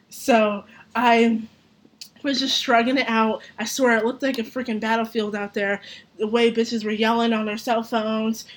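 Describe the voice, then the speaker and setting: Animated, profane young woman storyteller. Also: fairly high pitch. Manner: animated, profane, laughs often. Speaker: podcast host. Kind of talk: casual storytelling.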